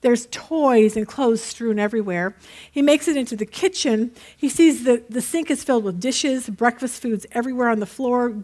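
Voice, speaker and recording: A woman's voice: fairly high pitch, moderate pace. Chatty woman teaching Bible study. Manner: chatty, checks in with listeners with "okay?"; lively storyteller.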